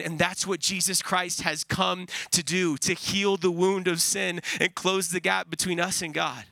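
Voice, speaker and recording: A man's voice: high-pitched, fairly even intonation, normal speed, few pauses, bright, forceful tone, dry recording, poor audio. A man pastor preaching an earnest, emphatic sermon, repeating key phrases for weight.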